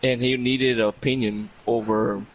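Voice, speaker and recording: Guy from puerto rico rambling on a podcast, mid pitch voice, keeps saying "i'm there like". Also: little pitch movement, moderate pace, low-quality recording. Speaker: podcast guest. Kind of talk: casual podcast chat.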